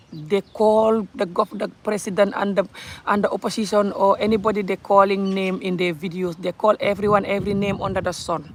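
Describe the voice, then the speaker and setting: A woman's voice: medium pitch, a little hiss or hum. Blunt Gambian woman ranting to camera. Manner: blunt, emphatic, repetitive, breaks into laughter. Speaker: vlogger. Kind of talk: ranting vlog monologue.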